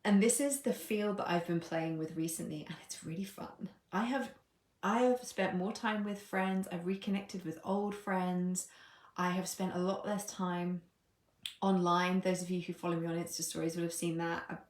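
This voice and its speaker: Coaching on a relaxed live stream, this woman speaks in a somewhat low voice at a moderate pace with fairly level intonation. She's cheeky and irreverent, laughing at herself and swearing without restraint, and her echoey room adds a noticeable reverb to everything she says.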